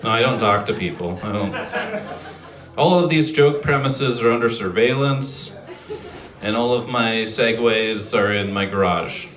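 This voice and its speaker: A man doing a stand-up set, delivering dry, self-deprecating one-liners with frequent throat clearing on a stage mic. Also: lowish voice, measured pace, echoey room, a crowd in the background. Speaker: stand-up comedian. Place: comedy venue stage. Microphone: handheld stage mic on a speaker.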